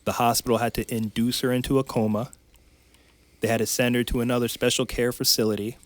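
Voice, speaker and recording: A man's voice: mid-range voice, little pitch movement, brisk, no echo. Candid man telling a personal story. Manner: candid and emotional, tumbling phrases with restarts. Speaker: podcast guest, life coach.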